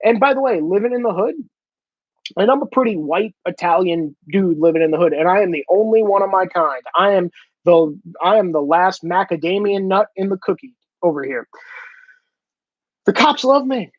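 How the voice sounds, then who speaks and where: A man's voice: high voice, animated, normal speed, dry recording, lo-fi sound. Blunt, profane male ranter. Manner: blunt, emphatic, heavy swearing. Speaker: commentator. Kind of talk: profane ranting monologue.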